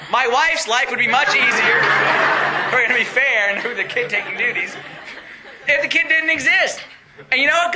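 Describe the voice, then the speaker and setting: A young man preaching a sermon in an animated way, laughing often and rising to excited highs.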